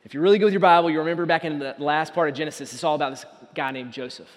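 A man preaching a sermon as pastor, earnest and building to loud emphatic peaks. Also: a little high, fairly even intonation, racing, long reverb tail.

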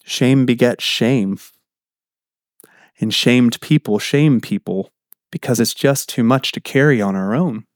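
A man preaching a sermon in a conversational way, his pitch jumping up for emphasis. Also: measured pace, no echo, studio quality. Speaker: pastor.

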